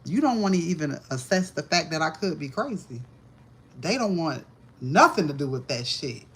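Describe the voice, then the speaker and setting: A woman's voice: low voice, very animated, normal speed, fairly bright tone, husky. A woman doing a live-streamed tarot reading from home, ranting in a profane, agitated way. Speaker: tarot reader.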